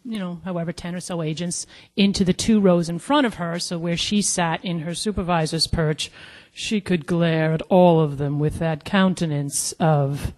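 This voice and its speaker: A woman telling a personal story live at a storytelling event, animated and acting out the dialogue. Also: lowish voice, normal speed. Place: museum event hall. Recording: long hall reverb at live event.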